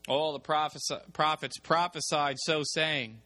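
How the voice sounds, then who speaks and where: A male preacher giving a lively sermon, reading scripture and explaining it while acting out the people in the story. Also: sits high, unhurried. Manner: animated, acts out the people in the story. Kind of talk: sermon with Bible reading and commentary.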